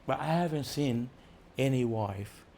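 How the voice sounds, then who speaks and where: Visiting speaker, male, energetic informal class, light background noise. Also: mid-range voice, a little slow. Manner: animated, rising loud for emphasis, chuckling.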